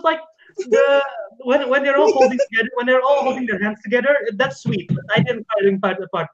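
Animated laughing male podcast host. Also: very high-pitched, quick pace. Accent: Indonesian. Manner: animated, laughing, swears when moved. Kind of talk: casual chat. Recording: dull lo-fi sound.

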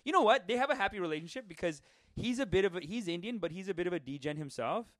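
High-voiced joking podcast host man. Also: fast, no echo, clean studio sound. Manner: animated, crude joking, laughs often. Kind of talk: casual chat.

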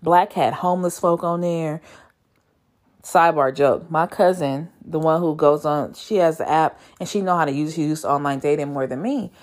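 A young woman telling a dating story in a casual vlog, profane and exasperated, with her voice leaping up in disbelief. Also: normal speed. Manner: animated, profane, exasperated storytelling with sudden high squeals of disbelief. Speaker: vlogger.

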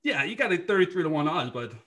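A man's voice: fairly high pitch, big pitch swings, fast talker, a bit bright. A man in his thirties with a Boston accent, a podcast guest chatting casually and laughing often. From Dorchester, Massachusetts. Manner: laid-back, laughs often, swears freely. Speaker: podcast guest, former hockey player. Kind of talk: casual chat.

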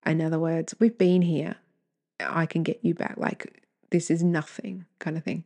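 A woman's voice: sits low, fairly even intonation, moderate pace, darkish tone. A woman hosting her own podcast, reading emails aloud and commenting bluntly, with rambling asides and free swearing. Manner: candid, blunt, swears freely; rambling, self-correcting asides. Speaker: podcast host.

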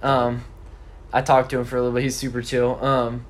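A man's voice: medium pitch, brisk. Teenage guy telling a funny story. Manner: animated storytelling with quoted voices and laughs. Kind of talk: casual chat.

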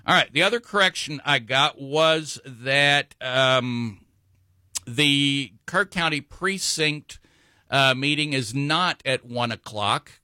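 A man hosting a talk radio show, his voice bright and pushing forward. He rambles through announcements with plenty of ums and restarts. The studio sound is close and dry. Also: medium pitch, no room sound. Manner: rambling, full of fillers and self-corrections. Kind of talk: local talk radio monologue.

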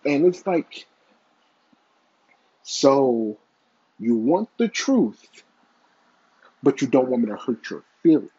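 A man's voice: mid-range voice, very animated, takes it slowly, long pauses, dark tone, breathy edge, lo-fi sound. A man giving blunt, profane, opinionated casual commentary.

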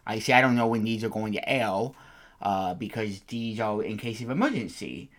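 A man's voice: on the low side, expressive, moderate pace, fairly bright tone. A man hosting a comedy podcast in a put-on British accent, rambling with many fillers and restarts. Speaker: podcast host.

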